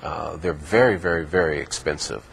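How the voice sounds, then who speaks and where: A man's voice: a bass voice, fairly even intonation, normal speed, gravelly, husky. A man in a documentary interview speaking in a practical, matter-of-fact way. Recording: crowd noise behind voice.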